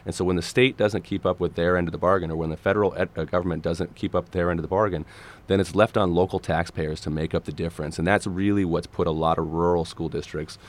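A man in his thirties from Minnesota, speaking as a guest candidate on a radio interview, his voice gravelly and a little hoarse, earnest with many restarts. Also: deep voice, steady tone, fast. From Minnesota, USA. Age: 30s. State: gravelly, slightly hoarse today. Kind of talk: radio interview, policy talk.

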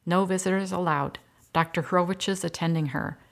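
A man's voice: high-pitched, fairly even intonation, moderate pace, gravelly, fairly bright tone. A woman reading the lines of a male nurse, polite and businesslike. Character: brisk young male nurse.

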